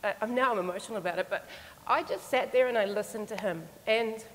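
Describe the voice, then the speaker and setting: A woman at a conference mic tells a personal story in an earnest, reflective way. Her voice sits at a middle pitch and carries a long reverb from a large hall. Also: fast, fairly bright tone. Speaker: conference speaker. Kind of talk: storytelling keynote talk.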